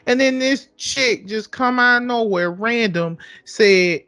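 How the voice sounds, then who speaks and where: A young man co-hosting a podcast, telling stories in a casual, animated way, swearing freely and repeating himself for emphasis. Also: extremely high pitch, slow, no room sound, faint music behind. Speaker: podcast co-host. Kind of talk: casual storytelling chat.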